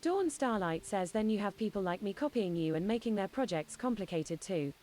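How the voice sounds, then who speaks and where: A woman's voice: medium pitch, animated, a little fast, darkish tone, slight background noise. A synthetic-sounding woman's voice reading viewer chat messages aloud one by one.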